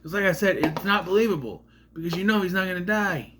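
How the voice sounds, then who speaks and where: A man's voice: sits high, quick pace, background noise. A man giving a casual, rambling film review, sarcastic and often tripping over names. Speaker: movie reviewer.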